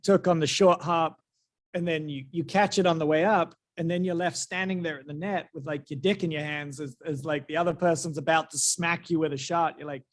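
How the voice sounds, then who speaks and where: Male podcast host, slightly high-pitched, casual storyteller who swears freely. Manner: swearing, storytelling, laughing along. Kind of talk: casual chat.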